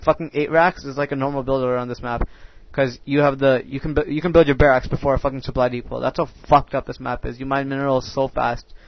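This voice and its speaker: A man's voice: medium pitch, vocal fry, no room sound. A young man giving profane, ranting commentary over his own match, full of filler words. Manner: ranting, crude, heavy use of filler words. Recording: dull dry lo-fi mic.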